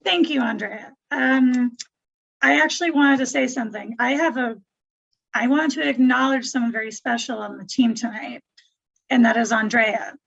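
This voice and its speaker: A woman's voice: on the high side, moderate pace, gravelly, fairly bright tone, dull audio. A woman on a team call, speaking a heartfelt tribute while close to tears. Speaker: team member.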